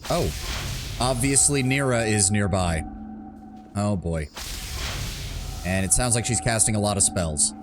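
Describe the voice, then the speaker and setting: A man's voice: lowish voice, lively intonation, a little slow, long pauses, music in the background. A man streaming a game, chatting casually and wryly as he thinks aloud. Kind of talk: casual gameplay commentary.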